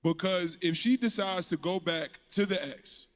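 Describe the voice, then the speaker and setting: High-voiced joking man on a podcast. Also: moderate pace. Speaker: podcast panelist. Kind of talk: podcast discussion.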